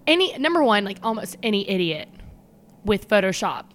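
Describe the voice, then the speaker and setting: A woman co-hosting a podcast in casual chat, animated and laughing, acting out little scenes in voices. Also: mid-range voice, brisk, a little hiss or hum. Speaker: podcast co-host.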